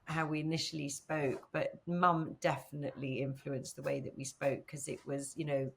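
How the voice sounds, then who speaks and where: A woman from northern England chats as a podcast guest, her low voice carrying a gravelly fry. She rambles a little, filling pauses with "um" and "you know". A faint hiss of noise sits under the recording. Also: fairly even intonation. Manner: chatty, rambling, with frequent fillers and laughs. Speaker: podcast guest, company founder. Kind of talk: casual conversational interview.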